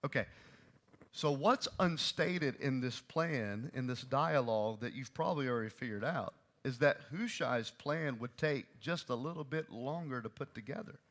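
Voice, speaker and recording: A male preacher delivering an emphatic sermon, repeating key phrases and swinging between loud and soft. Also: mid-range voice, normal speed.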